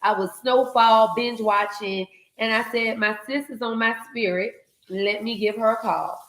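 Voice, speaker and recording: Woman, live stream host, casual storytelling, animated, acts out voices, higher voice, roomy echo. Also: unhurried. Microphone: video call.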